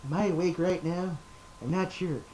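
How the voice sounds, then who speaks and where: A man's voice: high-pitched, dark tone, slight background noise, close to an everyday voice, poor audio. A man doing a muddled old statesman. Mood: dazed. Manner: slow, breathy, folksy drawl. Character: older male statesman, mild and muddled.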